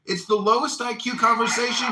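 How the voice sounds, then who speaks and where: A man hosting a live podcast debate, mocking and loud, now and then shouting and laughing. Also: very high voice, fairly even intonation, brisk, background noise. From United States. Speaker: podcast host. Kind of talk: heated live-stream debate.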